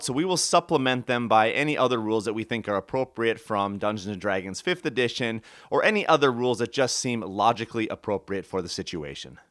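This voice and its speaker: A man's voice: medium pitch, no room sound, clean studio sound. A man hosting a board game video, explaining the rules in an upbeat way and then narrating a solo game. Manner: upbeat and explanatory, lively intonation. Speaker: host and solo game runner.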